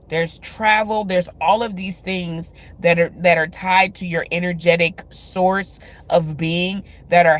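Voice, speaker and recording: A woman's voice: on the low side, a bit bright. Woman host for a casual spiritual love reading, chatty, filler-heavy, addresses viewers directly. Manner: chatty, many filler words.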